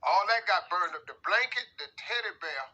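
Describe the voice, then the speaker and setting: A man hosting a radio show, giving comedic commentary on a listener's letter in an animated, drawling way full of playful slang. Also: high-pitched, normal speed, dull audio.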